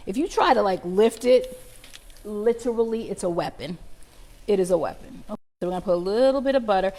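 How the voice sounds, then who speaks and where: A woman's voice: mid-range voice, darkish tone. A middle-aged woman, hosting a live cooking stream from her home kitchen and chatting with viewers. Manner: chatty, addresses viewers as y'all. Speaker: cooking show host. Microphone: connected microphone, moving around the house.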